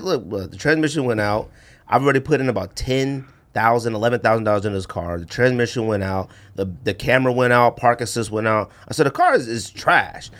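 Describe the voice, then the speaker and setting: A man co-hosting a podcast in casual chat, telling a story animatedly, acting out quotes and saying bruh and man a lot. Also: fairly quick. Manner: animated storyteller, acts out quotes with big pitch jumps. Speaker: podcast co-host.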